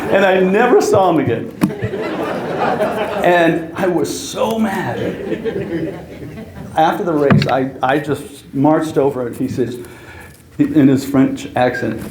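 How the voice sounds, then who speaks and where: A man's voice: on the high side, slow pace, long pauses, a loud crowd. A man giving an earnest, story-filled acceptance speech at an awards ceremony, laughing now and then. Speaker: hall of fame inductee. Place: banquet hall. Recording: echoey hall, faint room noise.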